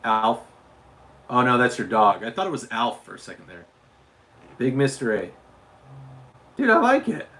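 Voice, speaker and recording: A man's voice: mid-range voice, normal speed, pauses often, fairly bright tone. A man from Utah hosting a casual livestream, chatting with viewers and often restarting and repeating his words. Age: adult father. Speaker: livestream host.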